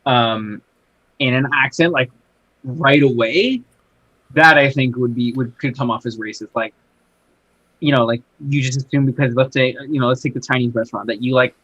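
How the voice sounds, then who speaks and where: A man moderating a casual podcast, speaking in a measured, hedging way and circling back as he thinks. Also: medium pitch, fairly bright tone, husky, no room sound. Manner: measured, hedging, restarts a lot. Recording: dull, dry lo-fi podcast recording.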